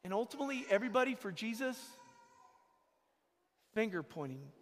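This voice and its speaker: A man's voice: sits high, big pitch swings, a little fast. A man, a priest, giving a sermon in a church, telling stories emphatically and repeating key phrases. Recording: long echo of a church hall.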